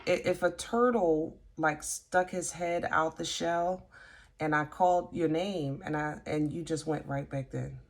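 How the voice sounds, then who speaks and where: Low-voiced lady doing a tarot reading, soft, stops and restarts a lot. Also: a little slow. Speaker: tarot reader. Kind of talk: casual tarot reading to camera.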